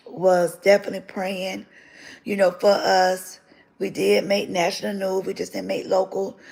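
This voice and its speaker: A woman on a livestream shares an emotional testimony, fervently repeating phrases for emphasis and sometimes growing tearful. Her medium-pitched voice has vocal fry and a darkish tone, and the recording quality is rough.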